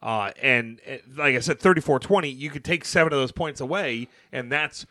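A young man co-hosting a sports podcast, animated and talking over his co-host as he recaps games. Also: medium pitch, brisk, no room sound. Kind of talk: casual sports chat.

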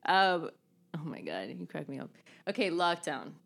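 Giggly podcast co-host, woman, lower voice, very lively pitch. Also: moderate pace, vocal fry. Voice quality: giggly, laughs often. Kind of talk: casual chat.

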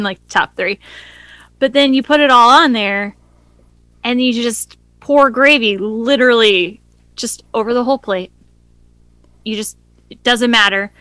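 A woman co-hosting a casual podcast, enthusiastic and quick to laugh. Her voice is bright and a little high. It sounds dry and close, with no room echo. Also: animated. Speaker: podcast co-host. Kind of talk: casual chat.

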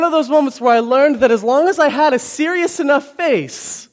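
A man's voice: very high-pitched, expressive, moderate pace, hardly any pauses. A man in his twenties, a pastor, giving a sermon with personal stories told with humor. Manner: storytelling, self-deprecating humor.

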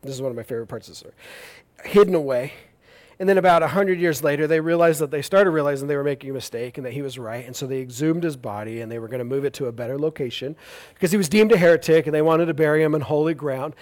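A male pastor preaching a sermon with animated, jokey storytelling. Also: a little high, quick pace.

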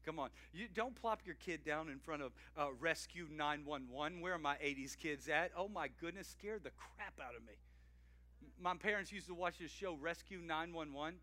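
Bright, high-voiced male pastor preaching. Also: moderate pace. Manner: energetic, conversational, laughs often, shouts greetings. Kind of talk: sermon.

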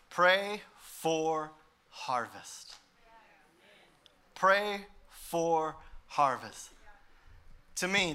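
A male pastor preaching a sermon in an emphatic way, with sudden swells in loudness. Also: high voice.

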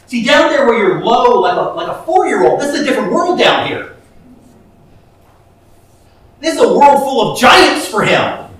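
A man's voice: very high-pitched, very animated, moderate pace, long pauses, fairly bright tone. A man preaching a sermon, telling a story with many restarts and rising to emphatic peaks. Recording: echoey hall from far off.

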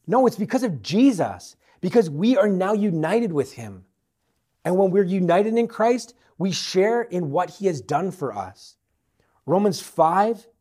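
A man preaching a sermon in a fairly high voice. He presses hard on key lines, then drops to a near-hush for his personal appeals. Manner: dynamic delivery, swinging from loud emphasis to hushed appeals.

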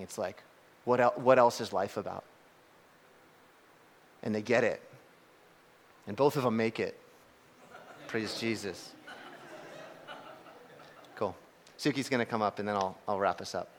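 A young man preaching a casual, conversational sermon, telling a story with lively acted-out shouts. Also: medium pitch, measured pace, long pauses. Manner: animated, conversational, acts out shouts and laughs.

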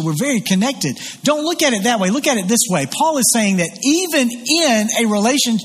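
A man's voice: very high voice, a bit bright, slightly rough, in a large hall. A man preaching a sermon as pastor, earnest and emphatic, often restarting his sentences.

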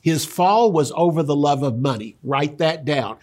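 A man preaching a radio sermon, emphatic, his voice sometimes dropping low. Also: lively intonation, moderate pace, hardly any pauses, a little mellow. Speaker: pastor.

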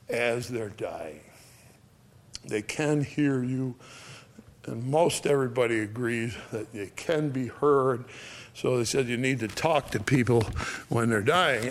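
An older man speaking plainly and gently, telling stories about death and dying with many pauses. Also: mid-range voice. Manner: folksy, plain-spoken, gentle with frequent pauses. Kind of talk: casual storytelling talk.

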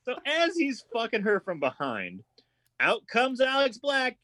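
A man's voice: very high voice, heavy background noise. A man casually recapping a horror movie on a podcast, swearing freely and acting out lines from the film. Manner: animated, acts out film lines in quick impressions.

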